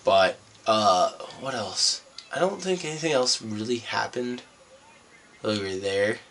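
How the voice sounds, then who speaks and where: A man's voice: fairly low pitch, lively intonation, unhurried, a bit bright, slight background noise. A young man from Canada vlogging, telling a rambling, profane story in a laid-back way. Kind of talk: casual storytelling vlog.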